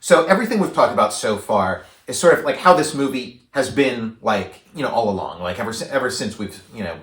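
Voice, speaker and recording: A mid-range male voice, fairly quick, belongs to a podcast co-host chatting casually about a movie. His talk rambles, packed with fillers and restarts, and he brings quotes to life with animated delivery. There's a roomy echo.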